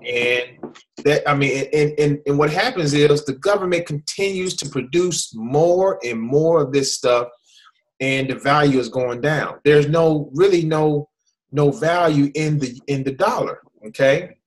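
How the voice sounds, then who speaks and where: An American man with a slightly high voice hosts a casual online hangout, speaking a little slowly over poor audio. He explains things with frequent restarts and keeps checking in with "okay?"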